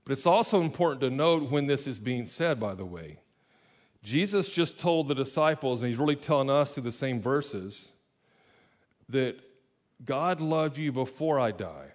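A man's voice: medium pitch, expressive, moderate pace. A man preaching a conversational sermon as pastor, explaining verses with casual asides and self-corrections.

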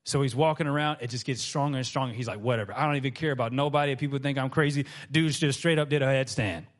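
A man preaching a sermon to his congregation, telling stories with lively acted-out quotes. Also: medium pitch, quick pace. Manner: animated storytelling, acts out quoted voices. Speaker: pastor.

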